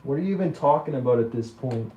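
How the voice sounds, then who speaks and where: A man's voice: mid-range voice, lively intonation, quick pace, mellow, roomy sound, distant mic, slight background noise, rough recording. A man chatting casually with an AI voice, teasing it and stalling with repeated words. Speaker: user chatting with an AI voice. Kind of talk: casual chat.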